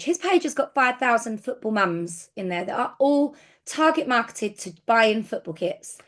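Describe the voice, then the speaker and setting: Woman, sales team leader, excitable chatty coach, slightly high voice. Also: normal speed. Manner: chatty and excitable, with frequent restarts. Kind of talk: casual business coaching talk.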